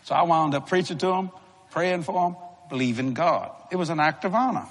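A middle-aged man preaching a sermon, telling stories in a folksy, animated way with frequent chuckles. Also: on the high side, a little fast. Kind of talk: storytelling sermon. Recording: reverberant large hall.

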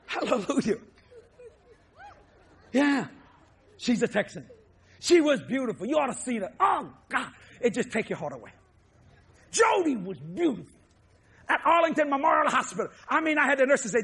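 Cajun preacher guy, really high voice, yells the big points then laughs thru the stories. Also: very animated, moderate pace, pauses often, husky. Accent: Cajun, Louisiana. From New Orleans, Louisiana. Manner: shouts emphatic lines, then drops low and chuckles through stories. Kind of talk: sermon with humorous storytelling.

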